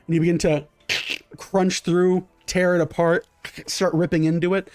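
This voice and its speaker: A man's voice: on the high side, flat delivery, normal speed, a little mellow. A man running a tabletop game as game master. He narrates in a vivid, loose way and uses plenty of fillers.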